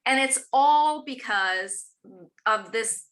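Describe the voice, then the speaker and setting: A woman's voice: on the high side, animated, takes it slowly, fairly bright tone. A woman in her thirties or forties, an author chatting earnestly on a live stream, with many fillers and restarts. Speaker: author guest. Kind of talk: casual live chat.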